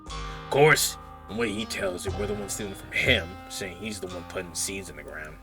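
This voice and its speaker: Man plays a protective Southern US farmer: drawling, folksy, gruff. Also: fairly low pitch, huge pitch swings, normal speed, music in the background, full character voice. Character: gruff middle-aged male farmer, protective.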